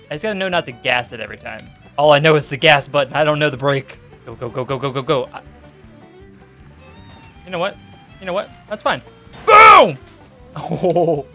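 Excitable young man with a lively voice. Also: on the high side. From United States. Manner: excitable, jokey, bursts into yelps and shouts. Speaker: gaming channel host. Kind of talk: let's-play commentary.

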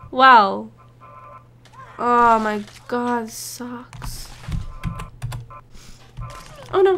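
A young woman hosting a gaming channel, giving excitable let's-play commentary, groaning and shrieking as her rider crashes. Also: high voice, slight background noise.

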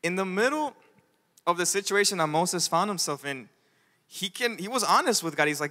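A man preaching a sermon as a pastor, animated, acting out the voices of the figures in his story. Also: high voice, moderate pace. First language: Spanish. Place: church sanctuary. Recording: church hall with long reverb.

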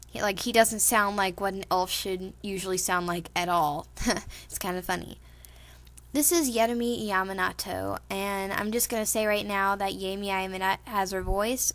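A woman's voice: medium pitch, a bit bright. A young woman explaining her fan project's characters in a casual, rambling casting call, full of asides and fillers. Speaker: organizer of a fan voice-acting project.

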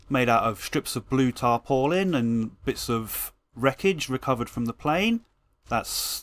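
A man's voice: medium pitch, a bit bright, dry recording. Playful man giving a wry build tour. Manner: playful, wry and self-mocking. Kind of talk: comedic scripted build tour.

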